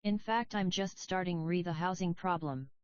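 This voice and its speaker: Woman reading as a defiant, insistent activist mother; low pitch, dry and slightly dull sound. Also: normal speed, clean tone, no room sound, natural voice.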